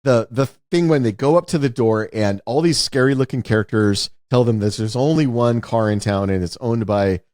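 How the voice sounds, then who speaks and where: Man, podcast co-host, mid-pitched, casual film chat, dry close sound, restarts and acts out lines. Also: moderate pace, few pauses, a little mellow, no room sound. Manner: restarts sentences, acts out quotes. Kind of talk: casual movie discussion.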